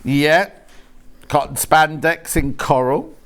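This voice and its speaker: Speaking slowly in a fairly high, slightly bright voice with a clean tone, a man presents on a live shopping channel. He reads out fabric prices in a jokey, chatty pitch and banters with the off-camera crew.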